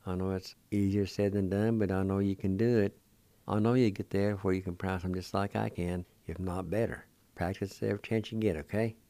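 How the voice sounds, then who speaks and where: A man's voice: deep voice, steady tone, a little fast, mellow, no echo. A man hosting a radio language lesson, patiently spelling words out syllable by syllable and encouraging his listeners to practice. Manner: encouraging toward learners. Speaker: radio host teaching Cherokee words.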